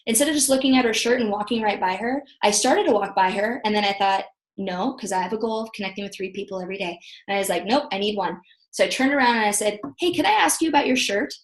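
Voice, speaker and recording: A woman in her thirties leading a motivational team training call, telling chatty, animated stories. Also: mid-range voice, fast, roomy sound. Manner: chatty, animated storytelling with acted quotes. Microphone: video call.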